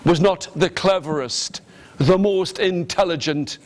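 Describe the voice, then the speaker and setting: A man telling a fairy tale to children with animated, rhythmic repetition, coaxing his listeners to join in. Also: high voice, measured pace. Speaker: storyteller. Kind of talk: interactive storytelling to children.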